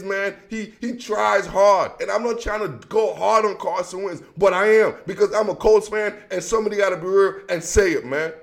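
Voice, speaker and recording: A man giving a casual, emphatic sports rant, full of slang and repetition. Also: high voice. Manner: emphatic, repetitive, slangy, calls listener bro. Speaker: sports commentator.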